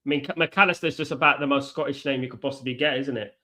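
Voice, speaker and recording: A man hosting a live football watchalong, chatty, reacting to play and giving shout-outs to viewers. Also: medium pitch, fairly even intonation, fast. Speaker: watchalong host.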